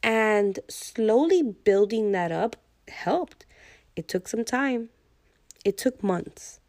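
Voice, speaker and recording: A woman's voice: a little high, lively intonation, takes it slowly, a little mellow, no room sound, studio quality. A young adult woman hosting her own podcast, talking candidly and rambling about her feelings with lots of "you know" and "like". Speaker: podcast host. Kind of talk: casual personal podcast monologue.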